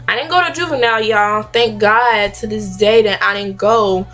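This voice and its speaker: A young woman vlogger telling a story in a casual, slangy, animated way, acting out what people said. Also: medium pitch, moderate pace, few pauses, soft background music. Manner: animated, slangy, acts out quotes. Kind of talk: storytime vlog.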